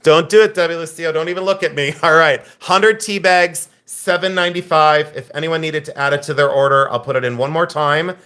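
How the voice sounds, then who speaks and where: Hosting a live-stream sale, an American man teases viewers and rambles between lots, talking a little fast with few pauses. His fairly high voice is bright and forceful, with a steady tone.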